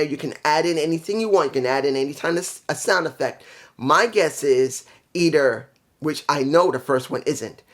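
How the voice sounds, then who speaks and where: A man giving a casual solo review of a wrestling show, rambling and blunt, swearing freely and trailing off with fillers when he forgets details. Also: a little high. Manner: rambling, profane, blunt opinions.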